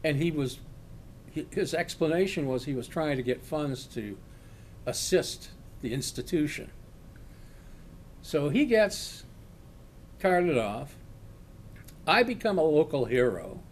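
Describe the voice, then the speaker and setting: An older man, a retired law professor, slowly telling a personal story and acting out the shouts in it. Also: fairly high pitch, a little hiss or hum. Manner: slow, animated storyteller acting out quoted shouts. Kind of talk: oral history storytelling.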